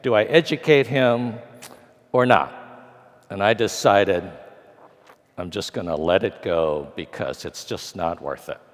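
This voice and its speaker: A man's voice: fairly low pitch, unhurried, pauses often. A man in his sixties from California, telling a story in a lecture with wry, dry humor and acting out the dialogue. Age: 60s. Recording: long reverb of a large hall.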